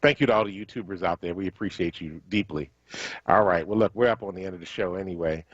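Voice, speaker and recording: A man hosting a talk radio show, chatting in a relaxed way with his co-host and thanking listeners. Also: low voice, quick pace, no room sound. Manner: relaxed, conversational, ends by signing off the show. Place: radio studio. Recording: dull lo-fi stream audio.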